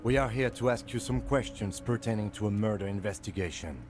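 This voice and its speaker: A stern, composed police lieutenant in a game, voiced by an actor. He speaks in short, curt lines in a low voice, with clear music playing behind him. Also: a little fast, lightly acted. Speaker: game character voice.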